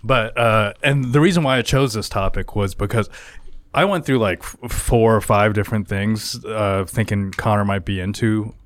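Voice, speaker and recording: Dry-witted man with a low voice. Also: moderate pace, no room sound. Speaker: podcast co-host. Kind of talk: casual podcast chat.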